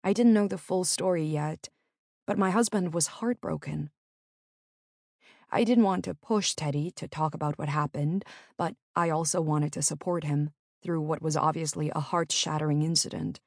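Low-voiced woman reading her memoir. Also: a little mellow, no room sound, clean studio sound. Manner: earnest, measured storytelling. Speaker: memoir narrator. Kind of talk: audiobook memoir narration.

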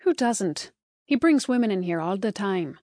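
Woman doing a sarcastic Irish bartender, mid-thirties, monotone, bored, dry close sound, audiobook. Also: medium pitch, normal speed, no echo, natural voice. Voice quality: flat monotone, sarcastic and abrupt.

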